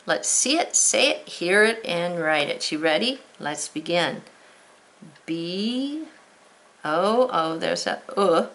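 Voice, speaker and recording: Woman teacher, slightly low pitch, unhurried, spells out letters clearly. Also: a bit bright. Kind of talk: spelling lesson.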